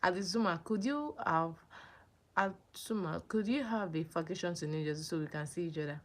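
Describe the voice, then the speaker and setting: Young woman from nigeria, livestream host, chatty, repeats names, lowish voice. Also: normal speed. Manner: animated, repeats names and phrases, greets viewers. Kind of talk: casual livestream chat reading viewer comments.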